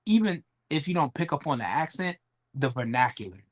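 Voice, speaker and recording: A man's voice: a little high, sing-song, a little fast. Blunt DC-area man, casual podcast talk. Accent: DMV (Washington DC area). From DC metro area. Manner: blunt, profane storytelling, mimics others. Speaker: podcast co-host. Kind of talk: casual chat.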